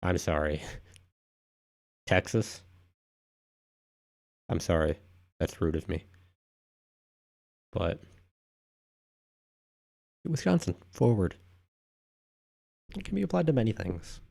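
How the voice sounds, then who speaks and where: A man with a low, mellow voice and a gravelly edge hosts a casual live stream. He reads viewer comments out loud and rambles offhand, with plenty of asides. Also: sing-song, slow pace, pauses often. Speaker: livestream host.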